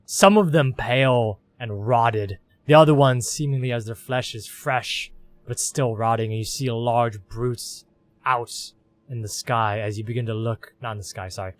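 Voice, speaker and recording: A man's voice: medium pitch, unhurried. A man running a tabletop role-playing game, narrating the scene in long run-on sentences strung together with "as". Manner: run-on storytelling, strings clauses with "as". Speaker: game master.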